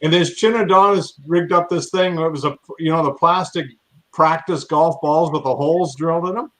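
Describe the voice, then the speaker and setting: A man's voice: a little high, moderate pace, fairly bright tone, poor audio. A man chatting casually as a guest, rambling and enthusiastic, repeating his phrases. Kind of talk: casual chat.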